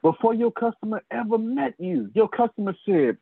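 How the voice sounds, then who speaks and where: A man's voice: high voice, normal speed, gravelly, husky, no echo. A man, teaching sales like a fiery preacher, calling out listeners by name and swearing freely. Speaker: sales trainer. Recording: tinny phone-like video call audio.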